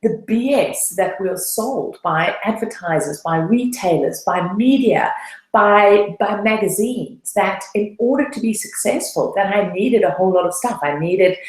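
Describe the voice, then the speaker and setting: A woman's voice: medium pitch, unhurried, reverberant, low-quality recording. A woman coach giving a webinar talk, telling her own story in an earnest, personal way. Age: adult, past her late twenties. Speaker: debt-freedom coach.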